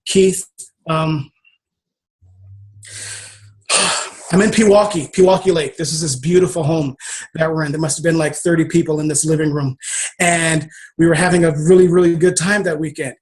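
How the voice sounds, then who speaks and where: A man telling a personal story as an interview guest, in an animated, emphatic and casual manner, acting out scenes and swearing freely. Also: on the high side, moderate pace, long pauses. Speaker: author and guest.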